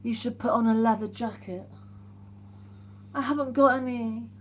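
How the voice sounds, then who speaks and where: A woman's voice: on the high side, fairly even intonation, normal speed, a little hiss or hum. A woman hosting a casual live stream from home, reading viewer comments aloud and reacting with amused exclamations. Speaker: livestream host.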